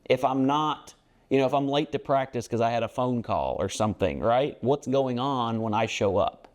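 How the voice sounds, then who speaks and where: Sounding animated, this basketball coach co-hosts a podcast in a mid-range voice at normal speed. He speaks earnestly about team culture, though his talk is rambling, casual, and packed with fillers.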